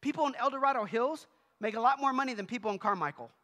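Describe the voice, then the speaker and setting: A man's voice: very high voice, fast, sharp tone, in a large hall. A male pastor preaching a sermon in a church, talking conversationally with humorous asides. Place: church sanctuary.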